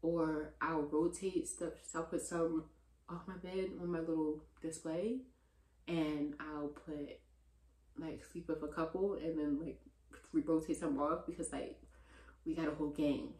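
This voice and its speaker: A young woman chatting casually in a vlog Q&A, relaxed and slangy, in a room full of stuffed animals. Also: low voice, measured pace. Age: young adult. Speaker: vlogger. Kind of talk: casual Q&A chat. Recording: roomy echo.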